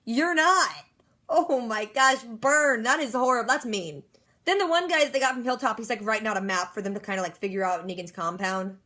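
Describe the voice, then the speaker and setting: Chatty fast-talking woman recapping TV. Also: a little high, pushed and bright. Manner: rapid, chatty, sarcastic asides. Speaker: TV episode recap vlogger. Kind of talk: casual fast-paced episode recap.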